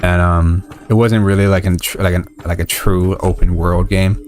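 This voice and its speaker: A man's voice: low voice, fairly even intonation, moderate pace, a little mellow, faint music behind. A man casually commenting while he streams a video game. He swears a lot, rambles and gets fired up easily.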